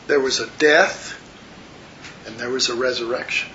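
A man's voice: mid-range voice, fairly even intonation, normal speed, pauses often. A man teaching a Bible study in an earnest, rambling, conversational way, talking to his listeners as folks. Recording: muffled lo-fi recording with faint hiss.

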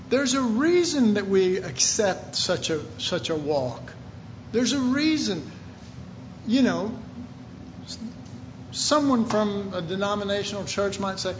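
High-voiced emphatic preacher man. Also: animated, unhurried, highs cut off, slight background noise. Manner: emphatic, rising to shouted questions; reads scripture aloud in King James wording. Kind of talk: sermon.

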